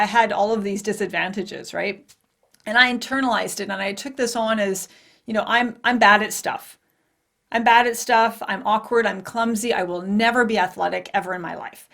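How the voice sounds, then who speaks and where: A woman's voice: medium pitch, creaky, fairly bright tone. A woman hosting her own podcast and telling a personal story in a candid, conversational way. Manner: candid and conversational, swears casually. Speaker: podcast host and martial arts coach.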